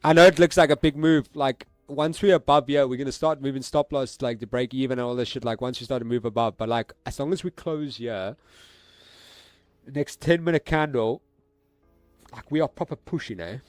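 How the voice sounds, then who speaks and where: A man chatting casually to his viewers during a live stream, excitable and laughing, swearing freely and using street slang. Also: medium pitch, brisk, dry recording, faint music behind. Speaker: livestreaming forex trader.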